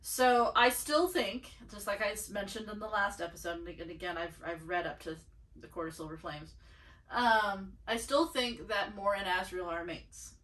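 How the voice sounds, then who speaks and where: A woman co-hosting a casual book club podcast, thinking out loud with lots of fillers and restarts. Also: medium pitch, moderate pace, recorded from a distance, rough recording. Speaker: podcast co-host.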